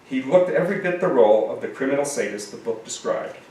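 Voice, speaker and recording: A man reading aloud from his own novel with expression, then summarizing it in halting speech with many fillers. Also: mid-range voice. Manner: expressive reading, halting and filler-laden when talking freely. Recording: echoey room, mic at a distance, faint noise.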